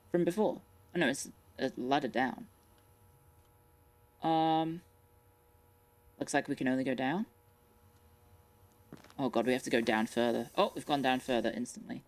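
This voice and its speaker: A woman's voice: rumbling low, moderate pace, long pauses. A young woman streams a puzzle game from her bedroom, chatting nervously with viewers. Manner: chatty, nervous, repeats herself when spooked. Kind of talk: live game stream commentary. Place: bedroom at home. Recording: faint music in background.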